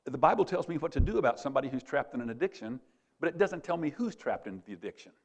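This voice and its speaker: An older man speaking at a retreat, telling a personal story in a conversational sermon style and quoting others in lively voices. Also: fairly high pitch, quick pace. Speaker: conference speaker.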